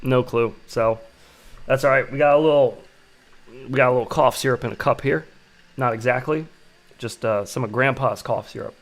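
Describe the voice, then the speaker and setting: A man hosting a live stream, hoarse from losing his voice, greeting chat viewers by name in a laid-back way. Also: medium pitch, normal speed.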